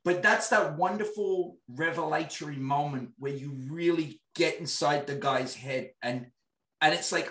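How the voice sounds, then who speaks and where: A man's voice: a little high, measured pace, bright, forceful tone. A man interviewing a guest, asking casual questions with many restarts and fillers. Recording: echoey room, voice distant from mic.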